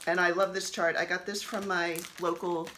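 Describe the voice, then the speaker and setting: A woman's voice: lowish voice, level tone, moderate pace, noisy background. A woman, chatting casually at home as she shows her cross-stitch projects, rambling and laughing often. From New Jersey. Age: 50s. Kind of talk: casual show-and-tell chat.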